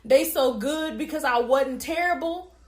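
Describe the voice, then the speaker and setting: A woman in her forties trades stories in a blunt, profane, laughing way. Her voice sits high, and the room rings with echo. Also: unhurried, darkish tone. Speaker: podcast co-host. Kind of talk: casual chat. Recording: echoey room.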